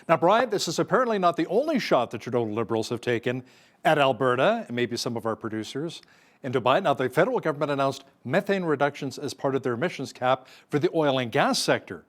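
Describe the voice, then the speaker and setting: A man's voice: mid-range voice, very animated, quick pace. A man hosting a news interview in a wry, conversational way. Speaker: news anchor.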